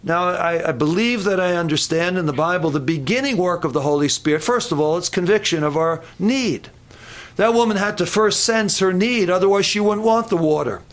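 A man's voice: sits high, a little fast. A man preaching a sermon, telling a Bible story with repeated words and quotes.

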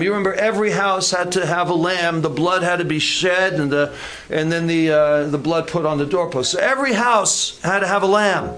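A man preaching a sermon as a pastor, with deliberate, repeated emphasis and folksy asides. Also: high voice, a bit bright.

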